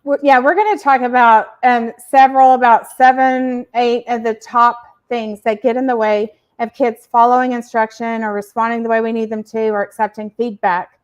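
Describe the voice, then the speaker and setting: A woman co-hosting a parenting show, explaining points in a casual, warm way and laughing between them. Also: on the high side, fairly even intonation, normal speed, dull audio. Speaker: podcast co-host.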